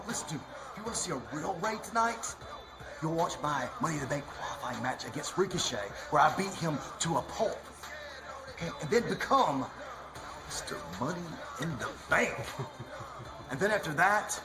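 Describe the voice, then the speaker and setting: Male wrestler promo, gravelly, cocky and mocking, animated delivery. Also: sits high. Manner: boastful, mocking, laughs while talking. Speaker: pro wrestler cutting a promo.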